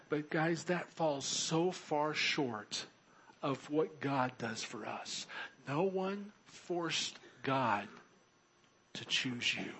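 A man preaching a sermon, earnest and unhurried, swinging between loud bursts and quiet low drops. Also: slight background noise, poor audio. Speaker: pastor.

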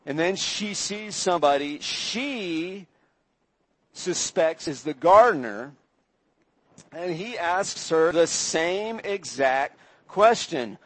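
A man preaching a sermon, retelling scripture in measured storytelling and voicing quoted speakers with feeling. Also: a little high, animated, slight background noise, rough recording. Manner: measured storytelling, acts out quoted voices with rising intensity.

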